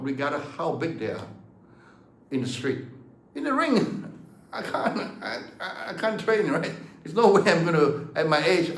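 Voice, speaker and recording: An older man in his seventies speaks as a martial arts teacher, pressing his points with repeated words and rhetorical questions. His voice sits fairly high for a man. The room around him rings with noticeable echo. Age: 70s. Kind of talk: passionate talk to camera.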